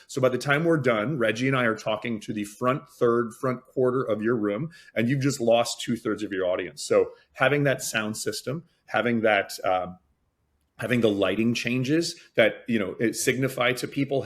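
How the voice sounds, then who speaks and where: A man who works as a fundraising auctioneer, talking energetically on a webinar and acting out announcements as he tells his stories. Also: medium pitch. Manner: energetic, storytelling, acts out announcements. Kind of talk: webinar talk, explaining.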